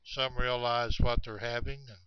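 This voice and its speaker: A man telling a long story about hunters in the woods, halting often with fillers and restarts. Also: medium pitch, flat delivery, smooth, dry recording. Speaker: storyteller of Bigfoot encounters. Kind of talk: rambling spoken storytelling. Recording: dull, muffled recording.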